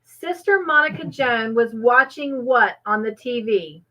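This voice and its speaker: A woman's voice: fairly high pitch, unhurried, sharp tone. A woman hosting a casual live trivia stream from home, chatty and laughing often as she thanks viewers by name. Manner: chatty, laughs often, reads chat names aloud. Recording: dull lo-fi stream audio.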